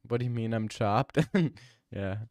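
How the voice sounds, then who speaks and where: A man's voice: mid-range voice, measured pace, darkish tone, dry recording, studio quality. A young man streaming, casually chatting and mocking his viewers' comments with slang and frequent laughs. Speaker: streamer reading chat. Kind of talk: casual livestream chat.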